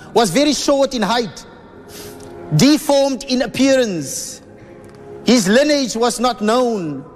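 Male storyteller, very high voice, emotive reverent narration, soft music behind. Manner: earnest, emotive, with reverent honorifics.

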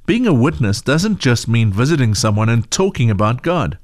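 Guy reading a gentle church mom from a storybook, calm and kind, lively up-and-down voice. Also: mid-range voice, normal speed, no echo, studio quality, lightly acted. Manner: calm, kindly, encouraging. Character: caring churchgoing mother, gentle and patient.

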